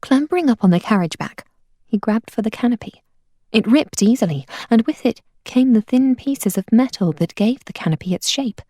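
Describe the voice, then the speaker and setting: A woman narrates an audiobook expressively, her voice leaning toward the high side. She reads at a normal speed, and the studio recording is clean with no room sound.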